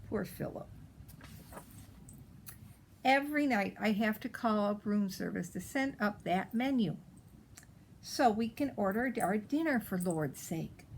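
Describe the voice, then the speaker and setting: Using a mid-range, animated voice, a woman plays a spoiled, precocious little girl while reading a storybook, drawing out her stressed words pertly. The audio is poor, with a little hiss or hum.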